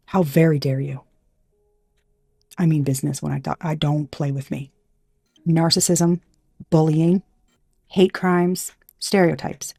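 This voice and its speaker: A low, gravelly woman's voice with a husky edge, fired up and swearing freely as she gives a casual tarot reading. She is blunt, trails off and restarts often, and is recorded close and dry with no room sound. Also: steady tone, moderate pace, mellow, dry recording. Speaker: intuitive tarot reader.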